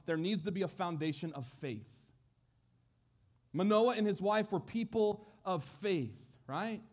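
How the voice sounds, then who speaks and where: A man preaching a sermon in a church, telling a story with animated delivery. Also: sits high. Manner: animated storytelling, acting out voices. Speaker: pastor.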